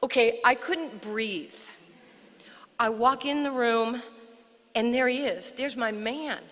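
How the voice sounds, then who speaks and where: Older new york woman, bright lively storyteller, long echo from the PA. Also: on the high side, slow pace. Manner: animated storyteller, acts out quotes. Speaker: guest speaker. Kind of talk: storytelling speech. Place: outdoor park dedication.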